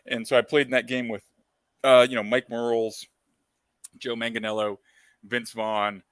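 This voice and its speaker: A man, the special guest on a gaming talk show, telling rambling game-table anecdotes full of fillers and excited asides. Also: medium pitch, measured pace, smooth, dry recording. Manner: excitable and animated when retelling. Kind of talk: casual storytelling chat.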